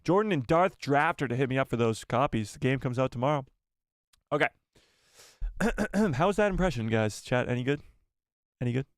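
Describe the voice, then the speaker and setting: A man's voice: mid-range voice, lively intonation, normal speed, long pauses, dry recording, clean studio sound. A man hosting a casual live stream, joking with his chat and mocking himself.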